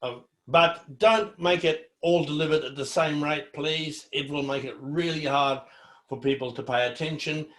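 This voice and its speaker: A man's voice: on the high side, fairly even intonation, moderate pace, a bit bright, reverberant. A man presenting a student seminar in a friendly, encouraging, conversational way.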